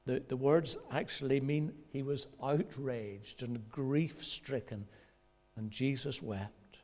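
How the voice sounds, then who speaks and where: A male pastor preaching a sermon in a measured way, pausing for effect and rising in pitch when he quotes others. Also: steady tone. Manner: measured preaching with dramatic pauses; rises in pitch and loudness when quoting voices. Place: church.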